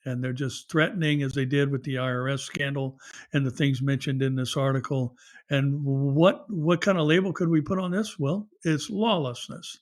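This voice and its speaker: A man's voice: medium pitch, fairly even intonation, normal speed. A middle-aged man, a pastor hosting a news commentary show, who reads articles aloud with fillers and asides.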